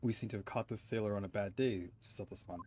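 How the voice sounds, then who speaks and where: A man voicing a polite young male lawyer hero, reading game dialogue aloud in a soft, overly courteous, hesitant way. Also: lowish voice, fast, a little hiss or hum, lightly acted.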